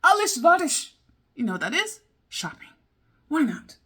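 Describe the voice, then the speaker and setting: A woman's voice: a little high, big pitch swings, moderate pace, a bit bright, husky. A woman vlogging her language study, thinking aloud, repeating foreign phrases and drifting into chatty asides with little laughs. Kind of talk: casual study vlog.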